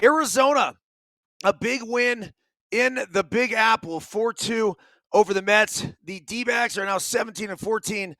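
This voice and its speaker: A high-pitched middle-aged man delivers a solo sports talk monologue with blunt energy and casual swearing. His voice sits dry and close, with no room echo around it. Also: a little slow, sharp tone. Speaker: host.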